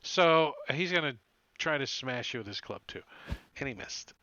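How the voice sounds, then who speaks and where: A man's voice: mid-range voice, lively intonation, normal speed, sharp tone, no room sound, dull audio. A man running a tabletop game as dungeon master, narrating loosely with lots of "uh" and "like". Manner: loose, rambling narration full of "uh" and "like".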